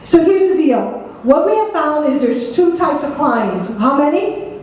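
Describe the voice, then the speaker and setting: A woman with a New Jersey accent leads a seminar, firing questions at the room and calling on people by name. Her voice is high and mellow. She is heard from across an echoey meeting room with a faint hiss behind. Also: sing-song, measured pace, distant mic. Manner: quizzes the audience, calls on people by name. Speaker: workshop presenter. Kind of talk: interactive seminar talk.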